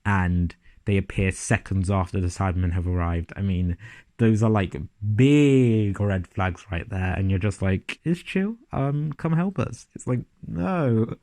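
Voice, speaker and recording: A man's voice: deep voice, unhurried, a little mellow, no echo. A man giving a casual, sarcastic and profane review of a TV episode.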